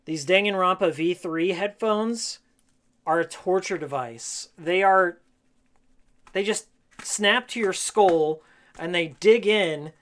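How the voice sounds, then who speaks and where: Hoarse, rambling male streamer. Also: sits high, slow pace, fairly bright tone. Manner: rambling, jokey, repeats his own phrases. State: hoarse, losing his voice. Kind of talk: casual live-stream chat while cleaning. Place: game room at home, indoors.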